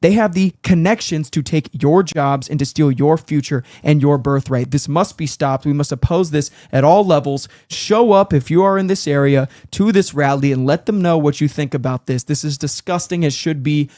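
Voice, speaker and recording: A man delivering a public speech, emphatic and declaiming. His voice sits a little high for a man and sounds close and dry, with no room around it. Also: moderate pace, few pauses, a little mellow, dry recording. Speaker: political speaker.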